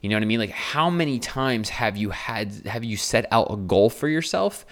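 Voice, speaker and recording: A New Jersey man who coaches and hosts a podcast talks in a casual, emphatic monologue, repeating himself, swearing often and tossing out rhetorical questions. His voice is medium-pitched, animated and slightly bright, at a normal speed.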